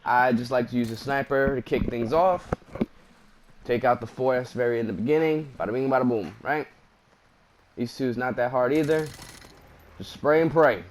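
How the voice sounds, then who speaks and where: A man's voice: medium pitch, a little hiss or hum. A man casually commenting over a video game walkthrough, laid-back and slangy, drifting into rambling asides. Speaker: gaming commentator.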